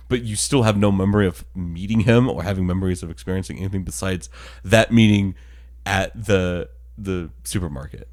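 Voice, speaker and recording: Co-host, low voice, halting rambler who laughs a lot. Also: male voice. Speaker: podcast co-host. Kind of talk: casual chat.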